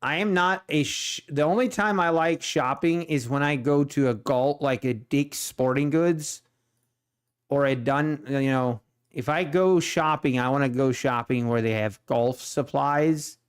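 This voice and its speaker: A middle-aged man hosts a day-trading livestream in a casual chat. His voice sits a little high, and he takes his time, unhurried and playful. He jokes around as he talks. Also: clean tone. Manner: laid-back, joking, laughs often. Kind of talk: casual live-stream chat.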